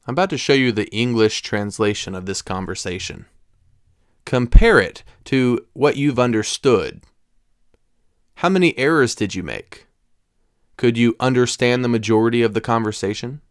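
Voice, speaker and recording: A man teaching a recorded language lesson, explaining slowly and deliberately with careful pronunciation. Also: mid-range voice, no room sound, clean studio sound. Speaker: Spanish teacher.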